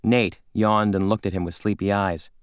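A man reading a children's novel aloud in a calm, measured narration. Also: on the low side, clean tone, no echo, studio quality. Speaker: audiobook narrator. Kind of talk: scripted narration.

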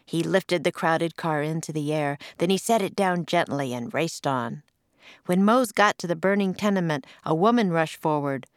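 A woman's voice: deep voice, moderate pace, no echo. Woman reading a storybook, dry and close. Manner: expressive, puts on voices for quoted lines. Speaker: author and narrator. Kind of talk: storybook read-aloud.

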